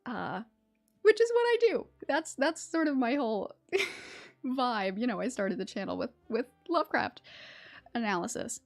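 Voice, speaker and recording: A woman's voice: mid-range voice, gravelly. Chatty woman host with faint music behind. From West Virginia. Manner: chatty, laughs often, many fillers and restarts. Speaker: YouTube host. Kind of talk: casual livestream chat and poetry reading.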